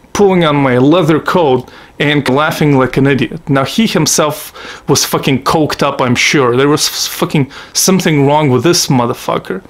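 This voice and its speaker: Blunt, profane man from Russia. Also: fairly high pitch. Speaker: vlogger. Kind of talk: casual storytelling monologue.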